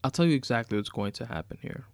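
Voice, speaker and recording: A man's voice: medium pitch, expressive, quick pace, gravelly, dry recording. A man voicing a vengeful, sarcastic woman, a murderous former nurse who taunts her captive. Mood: coldly taunting. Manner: sneering, taunting, menacing.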